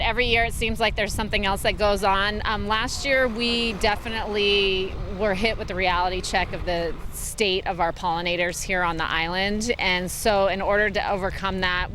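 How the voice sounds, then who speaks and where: A woman's voice: mid-range voice, a bit bright, slight background noise. A woman farm owner interviewed outdoors, explaining her methods at length with frequent fillers. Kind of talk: news interview.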